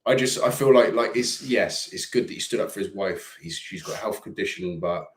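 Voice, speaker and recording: A man's voice: fairly low pitch, a little fast, echoey room. A British man co-hosting a live chat stream, joking and rambling loosely. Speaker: livestream co-host.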